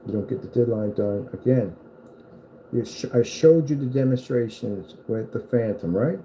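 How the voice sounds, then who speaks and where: A man's voice: medium pitch, moderate pace, mellow, slight background noise, poor audio. A man delivering a boastful, taunting rant at a rival screen maker, repeating himself for emphasis. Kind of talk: trash-talking rant at a rival.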